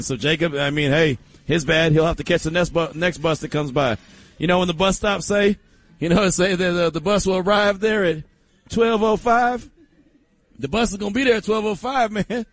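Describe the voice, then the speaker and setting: A man hosting a sports talk show, loose and jokey with animated banter. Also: fairly high pitch. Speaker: sports talk radio host.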